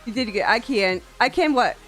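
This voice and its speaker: Lively, soft-voiced woman streamer from Tennessee. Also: on the high side, moderate pace, faint music behind. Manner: chatty, swears freely, laughs often. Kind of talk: casual chat with viewers.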